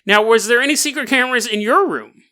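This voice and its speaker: A man's voice: very high voice, fast talker, pushed and bright, voice pushed up, full character voice. A man voicing a pompous, self-styled hero who makes grand, theatrical declarations.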